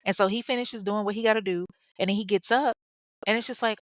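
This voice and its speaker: A woman's voice: mid-range voice, fairly even intonation, fast talker, no room sound, studio quality. A young woman retelling a true-crime story in casual talk, blunt and profane, with mocking asides.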